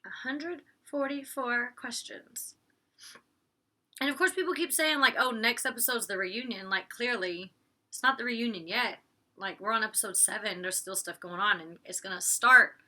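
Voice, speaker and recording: A woman's voice: medium pitch, animated, a little fast, bright, forceful tone. A young woman recapping a reality show in casual, slangy chat, acting out what the cast said. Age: young adult. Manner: chatty, slangy, acts out quotes with laughs. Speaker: vlogger reviewing a reality show.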